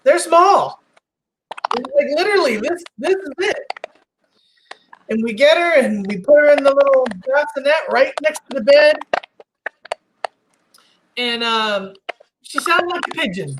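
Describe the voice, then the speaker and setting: A middle-aged woman chatting casually, telling stories with animated acted-out quotes and frequent laughs. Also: sits high, unhurried, pauses often, background noise. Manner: animated storytelling, acts out quotes, laughs often. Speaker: host. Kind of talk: casual chat.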